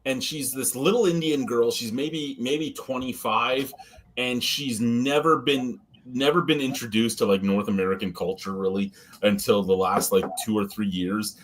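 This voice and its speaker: A man telling work stories in a casual podcast chat, animated, swearing and laughing often. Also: medium pitch, moderate pace, a little hiss or hum.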